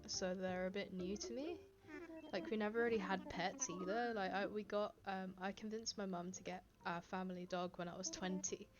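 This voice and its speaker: Chatty woman streamer at her desk mic, giggly and relaxed, audio slightly muffled. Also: mid-range voice, normal speed, over music. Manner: chatty, giggly, reads chat aloud. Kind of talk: casual live-stream chat. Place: home, indoors. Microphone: desk microphone.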